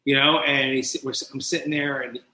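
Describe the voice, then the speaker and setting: He's a coach from New Jersey guesting on a podcast, with a medium-pitched voice, roomy sound, and low-quality recording. Candid and quick, he animates his story by acting out scenes while he tells it.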